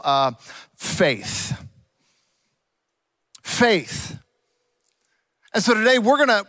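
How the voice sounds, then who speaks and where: A man's voice: high voice, fairly bright tone, no echo. A male pastor preaching a sermon, earnest and emphatic, repeating key words for weight.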